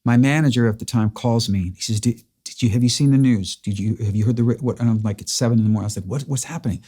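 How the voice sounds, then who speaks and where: A man's voice: medium pitch, fast, warm tone. A man earnestly recounting a personal story in a casual chat, acting out the dialogue. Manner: earnest, emotional, re-enacts dialogue. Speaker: interviewer.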